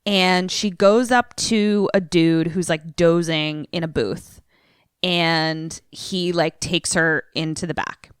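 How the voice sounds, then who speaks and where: Young woman podcast host, lowish smooth voice, dry close sound, chatty and irreverent, tons of "like". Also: steady tone, takes it slowly, dry recording. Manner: loose, irreverent, fillers of "like". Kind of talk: casual movie recap chat.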